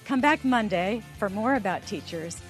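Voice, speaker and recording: A woman's voice: mid-range voice, expressive, moderate pace, soft background music. Upbeat woman hosting a podcast. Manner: upbeat promotional delivery. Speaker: podcast host. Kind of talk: podcast interview.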